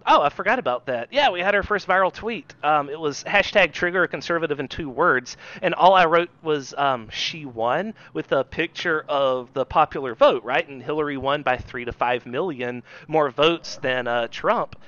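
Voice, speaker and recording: Wry male podcast host, bright lo-fi voice. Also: fairly high pitch. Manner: wry, sarcastic, quick asides. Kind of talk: casual chat. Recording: dull lo-fi sound.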